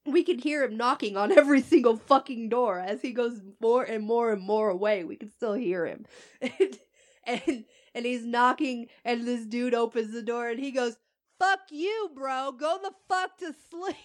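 A woman's voice: fairly high pitch, steady tone, normal speed. A woman telling a story in casual chat, swearing freely and laughing as she goes.

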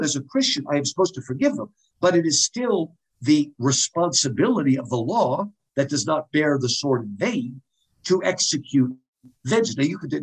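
A man's voice: a little high, slightly rough, poor audio. A man talking casually and animatedly about Greek drama, with a lot of restarts. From United States. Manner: animated, digressive, many restarts. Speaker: guest lecturer on Greek drama. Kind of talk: casual explanatory talk.

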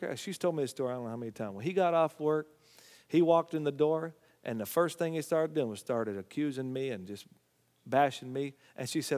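A middle-aged man, telling a family story and preaching in a folksy way, sometimes dropping to a hushed voice. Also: medium pitch, brisk, big-room sound. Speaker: Bible teacher. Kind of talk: preaching Bible study.

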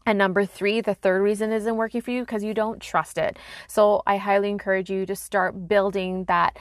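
A woman hosting her own podcast as an intuition coach, talking in a calm, earnest and encouraging way. Her voice sits at an ordinary middle pitch. It is recorded close and dry, with no room sound. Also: moderate pace, dry recording. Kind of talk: solo podcast talk.

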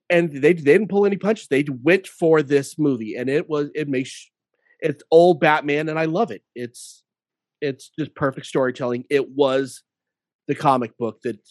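Male co-host, fairly high voice, emphatic and enthusiastic, close dry mic. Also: no echo. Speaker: podcast co-host. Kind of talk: casual chat.

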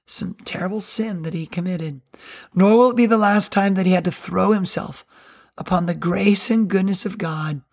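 A middle-aged male pastor preaching a sermon in an earnest, conversational way. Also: sits high.

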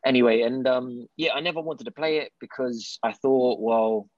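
A man co-hosting a gaming podcast, jokey and quick to laugh. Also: medium pitch, no room sound. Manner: laughs often, lively and jokey. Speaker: podcast co-host. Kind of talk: casual gaming podcast chat. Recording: dull, slightly lo-fi sound.

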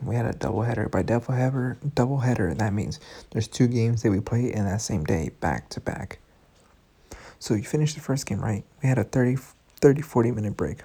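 A man's voice: fairly low pitch, creaky, warm tone, husky. A young man in his twenties telling a casual story, frank and profane, talking straight to his listeners. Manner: frank, profane, talks to the audience directly. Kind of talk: casual storytime, swearing freely.

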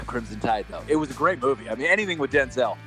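A man co-hosting a podcast in casual chat, laid-back and quick to agree. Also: medium pitch, lively intonation, a bit bright, soft background music. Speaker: podcast co-host.

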